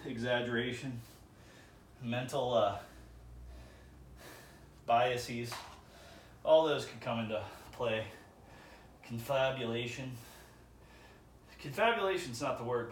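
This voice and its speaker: Guy vlogging his workout at the gym, rambly, kinda far from the mic, echoey room, bit of background hum. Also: medium pitch. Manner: rambling, musing aloud between sets. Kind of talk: casual workout vlog.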